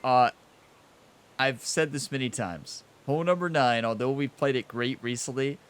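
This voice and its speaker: A young gaming channel host plays a golf video game and chats casually, his medium-pitched voice clean in tone and moderately paced. He laughs often and bounces between frustration and excitement.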